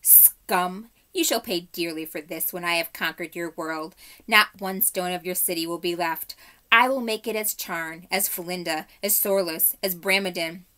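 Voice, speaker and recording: A woman's voice: lowish voice, moderate pace, pushed and bright. A woman voicing a cruel, proud witch queen who speaks in commanding threats. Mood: scornful threat.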